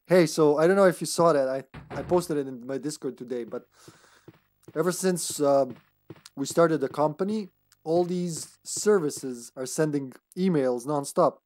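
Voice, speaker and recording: A man's voice: a little high, a little slow, long pauses, darkish tone, dry recording, clean studio sound. A man streaming a video game live, chatting casually, giggling often and talking to the game and his cat. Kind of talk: casual gaming commentary.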